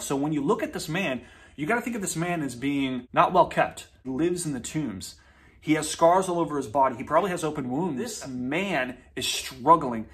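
A man's voice: a little high, expressive, moderate pace, fairly bright tone. A man preaching a sermon, reading scripture aloud and telling it as a story, speaking straight to his listeners with emphatic repetition.

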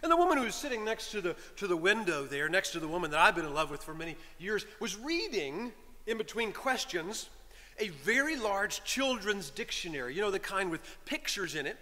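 A man's voice: high-pitched, very animated, brisk, pushed and bright, big-room sound. A man preaching a sermon as a priest, telling a story with repeated phrases and asides to the congregation. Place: church.

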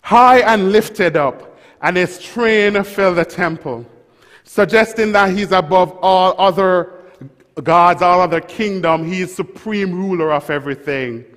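A man preaching a sermon, leading the church in call-and-response and rising to shouts. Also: high voice, a little slow, big-room sound. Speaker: pastor. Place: church sanctuary.

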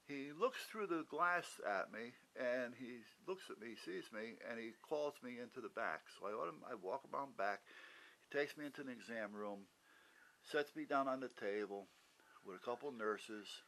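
A man at an ordinary pitch tells his own story in a casual, blunt way. He swears without apology and acts out what people said to him. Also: expressive, normal speed, a bit bright, rough recording. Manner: blunt, swears freely, acts out quoted dialogue. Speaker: vlogger recounting his heart attack.

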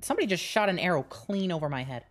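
Female streamer, casual gaming chat, lowish voice with big swings in pitch. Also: slight background noise. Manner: chatty and animated, quick laughs.

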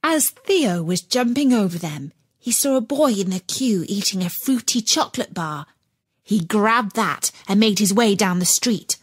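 Husky woman reading a children's story. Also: medium pitch, unhurried, no echo. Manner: expressive, storytelling. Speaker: narrator. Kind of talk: children's audiobook narration.

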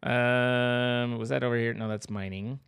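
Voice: mid-range voice, flat delivery, a little slow, gravelly, fairly bright tone, smooth. A young adult streamer giving playful, rambling live commentary over a game, breaking into squeals of mock panic.

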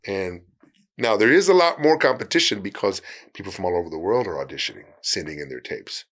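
A man's voice: on the low side, animated, fairly bright tone. A man, an actor guest on a podcast, giving casual career advice in an easygoing way, laughing often and acting out short exchanges. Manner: easygoing, laughs often, acts out quick dialogues.

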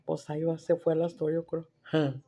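A woman's voice: deep voice, monotone, fast, warm tone. A woman, chatting and rambling through stories while eating on camera, dropping in Spanish words. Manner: rambling chatty storyteller, mixes in Spanish, laughs often. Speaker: mukbang vlogger. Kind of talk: casual chat while eating.

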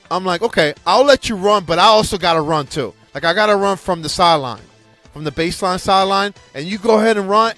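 A man's voice: fairly high pitch, fairly bright tone. A man hosting a casual podcast, ranting in a rambling, profane way with frequent restarts. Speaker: podcast host.

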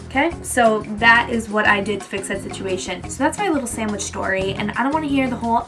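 A woman's voice: fairly quick, hardly any pauses. Chatty New woman, music behind. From New Jersey. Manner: animated, frequent "like", acts out quotes in a higher voice. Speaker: beauty vlogger. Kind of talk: casual storytelling chat.

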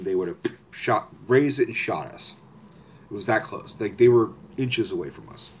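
A man telling a personal story in a casual, rambling way, often correcting himself and swearing. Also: fairly low pitch.

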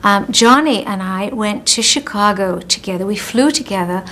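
An older woman being interviewed, reminiscing as a lively storyteller who laughs while she talks. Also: mid-range voice, moderate pace.

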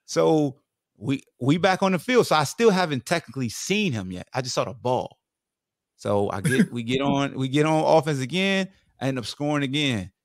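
A man in his forties from Virginia tells his stories in an easy, animated way. He jumps into other people's voices as he goes. His pitch sits in the middle, and the sound is dry and close. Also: moderate pace, dry recording. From Virginia, USA. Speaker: guest, former football player. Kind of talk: casual storytelling.

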